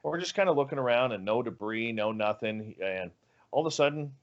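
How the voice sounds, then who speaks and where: A man's voice: mid-range voice, lively intonation, brisk, lo-fi sound. A man telling a story as a guest in an interview, acting out the dialogue with animation. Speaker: guest, radio show host.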